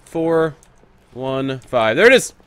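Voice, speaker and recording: A man giving excitable let's play commentary, whooping, joking and swearing as he plays. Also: medium pitch, takes it slowly. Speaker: gamer.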